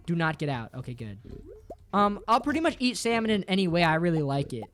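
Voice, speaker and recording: With faint game music behind him, a male streamer reads chat out loud and answers with crude, profane humor and teasing mock drama. He talks fast in a fairly high, bright voice with big pitch swings.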